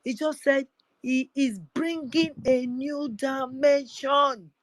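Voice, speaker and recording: A woman's voice: high-pitched, fairly even intonation, slow, no room sound, rough recording. A woman hosting an online audio space, urging listeners with a repetitive, preachy delivery. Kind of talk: impassioned appeal to listeners.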